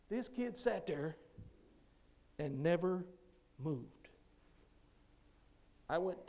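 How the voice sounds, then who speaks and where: A man's voice: sits high, takes it slowly, vocal fry, pauses often. A man who coaches, giving a motivational speech to teachers and acting out the dialogue in his stories. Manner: animated storyteller who acts out dialogue.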